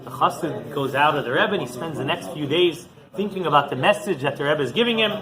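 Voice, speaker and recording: Мужчина-раввин рассказывает притчу, высокий голос, очень живая интонация. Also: male voice, a little high, low-quality recording. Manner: animated, questioning the listeners. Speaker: rabbi. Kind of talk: storytelling sermon.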